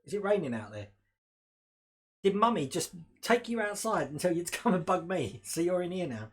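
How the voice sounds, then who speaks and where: A man hosts a casual live stream from his home hobby room, rambling cheerfully between comments. His voice is a touch husky, and his pitch swings widely as he talks and laughs. He chats to his dog as he goes. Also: very animated, normal speed, long pauses. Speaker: hobby model-build livestream host.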